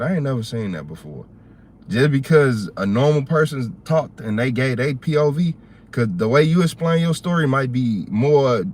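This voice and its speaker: A man with a Southern US accent hosting a livestream, chatting casually in a rambling, animated, slangy way. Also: medium pitch, a little hiss or hum. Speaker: livestream host.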